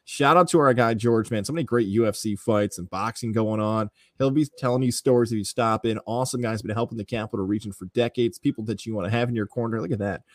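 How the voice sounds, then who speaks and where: A man's voice: on the low side, fast, hardly any pauses, no room sound, studio quality. Man giving a confident sports radio rundown. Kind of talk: sports analysis and ad reads.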